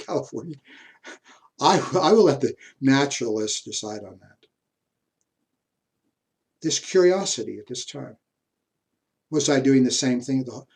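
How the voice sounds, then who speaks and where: A man's voice: medium pitch, a little mellow. Older male history lecturer, reflective. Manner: reflective, repeats words when searching for them. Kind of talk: personal anecdote in a lecture.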